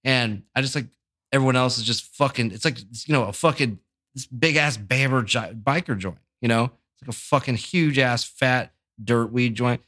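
A man's voice: medium pitch, normal speed, a bit bright. A man co-hosting a podcast who tells his own story in loose, profane chat. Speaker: podcast co-host, tattoo artist. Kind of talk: casual chat.

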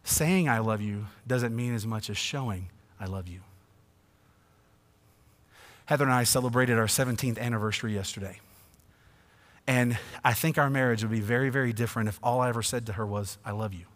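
Male pastor, 30s to 40s, mid pitch, emphatic sermon delivery with hushed dips, long reverb of a church hall. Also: fairly quick. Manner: swings from hushed to loud, emphatic.

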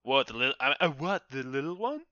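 A very bright, crisp male voice, dry and close on a dull, lo-fi mic. He plays mock-formal and then turns brash and defiant in an improvised comedy scene. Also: mid-range voice, animated, a little fast, dry recording. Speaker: improv performer.

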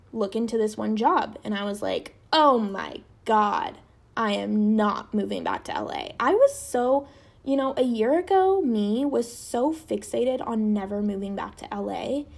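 A woman's voice: gravelly, a little mellow. A young woman in her twenties hosting a podcast, telling a personal story in a chatty way, full of fillers, her voice jumping up whenever she quotes people. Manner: chatty, lots of fillers, voice jumps high when quoting. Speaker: podcast host. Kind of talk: casual storytelling.

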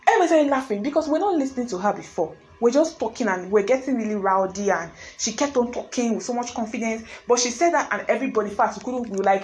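A young adult woman with a Nigerian accent, telling a story to her viewers in a chatty, expressive way with slangy asides. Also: on the high side, quick pace, poor audio. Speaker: vlogger.

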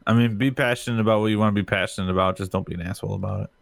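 Low-voiced laid-back male streamer. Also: steady tone, very fast, vocal fry, dry recording. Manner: laid-back, blunt, swears casually. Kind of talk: casual chat.

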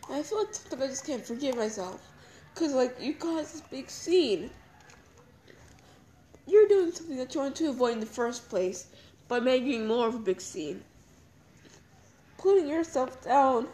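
A young woman crying as she talks through her feelings in a halting, repetitive confessional monologue. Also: high-pitched, expressive, dark tone, low-quality recording. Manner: halting, emotional, repeats herself. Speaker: podcast host.

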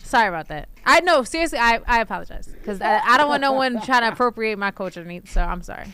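A woman from co-hosting a casual sports podcast, talking in an animated way and often restarting her sentences. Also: on the high side, quick pace. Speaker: podcast co-host.

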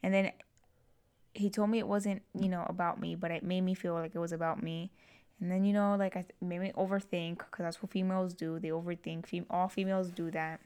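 A woman's voice: fairly low pitch, flat delivery, fairly quick, darkish tone, smooth. A young woman co-hosting a podcast in casual chat, playful and dramatic, given to gasps and giggles. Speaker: podcast co-host.

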